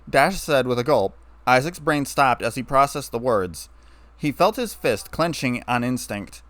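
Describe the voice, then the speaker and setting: Brief: male narrator, mid pitch, steady storyteller, dry close recording. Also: moderate pace, dry recording. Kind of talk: fan fiction reading.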